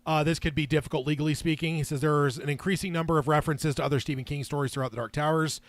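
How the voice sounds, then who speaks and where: Guy cohosting a podcast, bit high voice, reads stuff out with lots of uhs, dry sound. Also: very fast, no room sound. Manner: relaxed, laughs often, reads with fillers. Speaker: podcast co-host. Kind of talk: casual chat, reading an article aloud.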